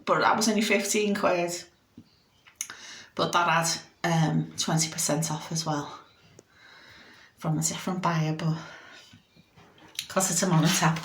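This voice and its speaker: A woman's voice: fairly low pitch, a bit bright, roomy sound, slight background noise. A middle-aged woman, chatting casually in a home vlog, indignant and acting out quoted exchanges. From United Kingdom. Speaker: vlogger.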